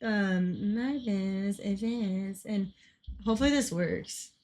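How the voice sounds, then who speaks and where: A young woman livestreams a game, chatting casually in a slow, medium-pitched, slightly mellow voice. She's giggly and teasing, laughing often and swearing freely.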